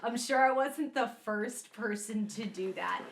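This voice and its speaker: A woman's voice: fairly high pitch, unhurried, vocal fry, noisy background. A young woman hosting a podcast, telling stories in a giggly, bubbly casual chat. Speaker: podcast host.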